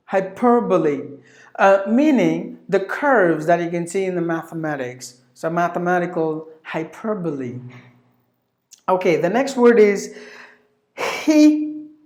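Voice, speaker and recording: A woman teaching English pronunciation, repeating each word slowly several times with filler sounds between explanations. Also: medium pitch, expressive, darkish tone. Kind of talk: pronunciation lesson. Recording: echoey room.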